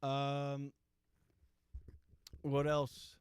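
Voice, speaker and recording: A man's voice: mid-range voice, monotone, drawn-out words, slight background noise. A man in his forties hosting a podcast, telling a story casually, swearing often and laughing through it. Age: 40s. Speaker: podcast host.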